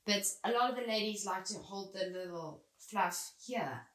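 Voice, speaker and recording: A woman from South Africa, a vet and podcast co-host, chatting casually and laughing often. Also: moderate pace. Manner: giggly, animated, slips into high exaggerated voices when quoting herself. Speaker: podcast co-host, veterinary surgeon. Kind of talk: casual chat. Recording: roomy echo.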